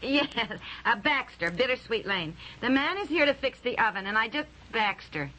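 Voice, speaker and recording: An actress playing a flustered, exasperated suburban housewife in a 1970s radio comedy. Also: female voice, a little high, lively intonation, moderate pace, pushed and bright, slight background noise, poor audio. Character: frazzled suburban housewife at wit's end.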